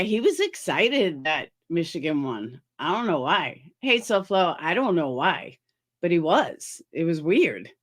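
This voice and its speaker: A woman's voice: medium pitch, a bit bright. A middle-aged woman hosting a casual livestream, chatting with viewers by name and making sarcastic asides. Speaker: livestream commentary host.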